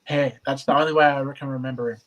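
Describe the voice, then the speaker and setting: A man's voice: medium pitch, fairly even intonation, fast talker, lo-fi sound. A young man in his twenties, a guest talking in an easygoing, modest way over a video call. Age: 20s. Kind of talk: casual chat.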